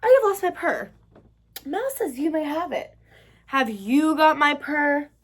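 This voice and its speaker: Woman reading as a little kitten, plaintive, high, lively lilt, storybook. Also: unhurried. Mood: weary pleading. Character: sad determined little female kitten.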